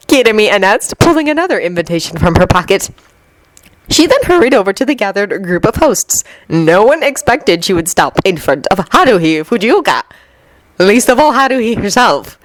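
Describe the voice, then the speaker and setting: A woman narrating a fanfiction story in an expressive, lively reading. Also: mid-range voice, a little fast, no room sound. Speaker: fanfiction reader. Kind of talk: audiobook narration.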